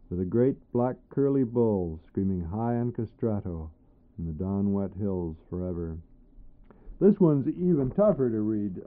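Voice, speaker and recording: Guy reading his poems, dramatic ups and downs, tinny phone-like sound. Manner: dramatic, swinging between loud high bursts and low murmurs. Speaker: poet. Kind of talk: poetry reading. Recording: tinny narrow-band recording.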